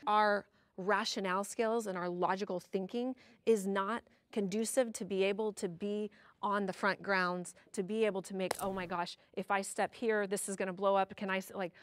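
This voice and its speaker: A woman debate participant arguing earnestly, halting as she explains her view. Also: mid-range voice, steady tone. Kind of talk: debate argument.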